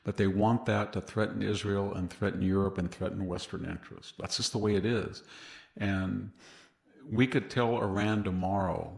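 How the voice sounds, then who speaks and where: A man's voice: on the low side, fairly even intonation, normal speed, vocal fry. A man from California, a guest historian in a casual interview, who tells long anecdotal stories and laughs at his own jokes. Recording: roomy echoey sound.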